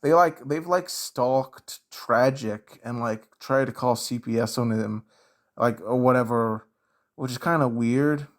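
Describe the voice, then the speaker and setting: A man with a Southern US accent speaks at a mid pitch in a slow, drawn-out way. He rants casually through viewer questions and leans on fillers as he goes. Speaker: YouTuber answering viewer questions. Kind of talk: casual ranting commentary.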